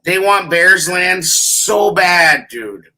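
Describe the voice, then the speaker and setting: A man co-hosting a casual sports talk show, telling stories in a profane, animated way that breaks into shouts. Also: high voice, drawn-out words. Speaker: podcast co-host.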